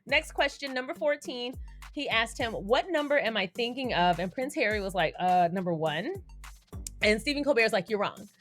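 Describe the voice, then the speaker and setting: A woman's voice: fairly high pitch, lively intonation, brisk, fairly bright tone, soft background music. A young adult woman hosting a casual commentary vlog, chatty, with slangy asides and frequent laughter. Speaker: YouTube commentary host.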